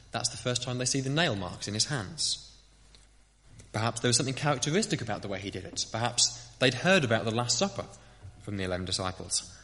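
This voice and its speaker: A man's voice: mid-range voice, sharp tone, in a large hall. A man preaching a sermon in a church, earnest and reflective, asking rhetorical questions.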